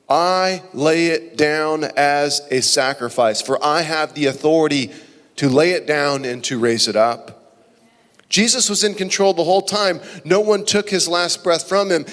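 A man's voice: fairly high pitch, slow. Impassioned male pastor in a reverberant hall. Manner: impassioned, shifting between loud emphasis and hushed tones. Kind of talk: sermon. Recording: long reverb of a large hall.

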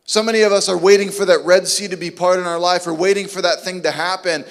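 A man's voice: high-pitched, fairly even intonation, fast, in a large hall. A man preaching a sermon with emphatic, rhetorical questions. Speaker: pastor.

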